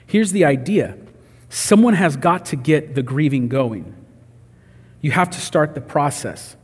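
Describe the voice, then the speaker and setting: A man's voice: a little high, lively intonation, unhurried, slightly rough, big-room sound. A man preaching a sermon in a conversational way, acting out the voices he quotes. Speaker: pastor.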